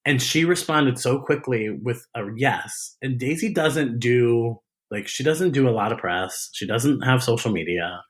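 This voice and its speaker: A man talks as an interview guest in a relaxed, chatty way. He tells stories with lots of energy, laughs and giggles often, and restarts his sentences as he goes. His voice sits at an ordinary middle pitch. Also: a little slow, few pauses. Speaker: guest, drag performer. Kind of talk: casual interview chat.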